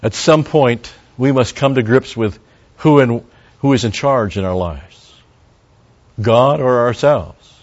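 This is a man of medium pitch teaching the Bible at a slow pace, preaching verse by verse in a chatty way. He breaks off now and then for a Hebrew word study and drops dry asides to the congregation, and the audio has its highs cut off.

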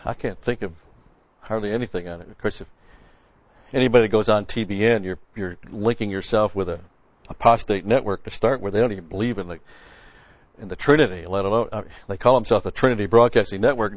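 A man's voice: on the low side, fast, no echo, dull audio. A man preaching a conversational sermon, folksy and blunt, quoting scripture and restarting his sentences often.

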